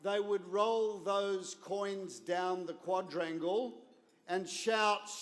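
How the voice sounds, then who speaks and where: An Australian man in his fifties giving a speech at a gala dinner, telling a story with deliberate, wry comic timing. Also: high voice, steady tone. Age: 50s. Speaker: guest speaker at a gala dinner. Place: large banquet hall. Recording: reverberant hall.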